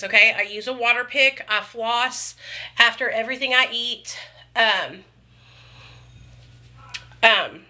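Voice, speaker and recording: A woman with a drawl chats on a casual livestream, sprinkling in "y'all" and "baby" as she talks to her viewers. Her voice is very bright and sits slightly high. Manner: chatty, frequent "you guys" and "y'all", calls viewers honey and baby. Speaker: vlogger chatting with live viewers.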